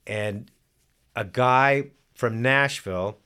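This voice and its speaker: Taking it slowly, an older musician speaks at medium pitch in a pushed, bright, smooth voice. As an interview guest he tells casual stories, rambling along with many fillers and restarts.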